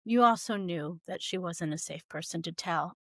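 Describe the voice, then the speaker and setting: A woman's voice: fairly low pitch, normal speed, fairly bright tone, dry recording. A woman hosting a podcast interview, asking questions and giving short supportive affirmations. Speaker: podcast host.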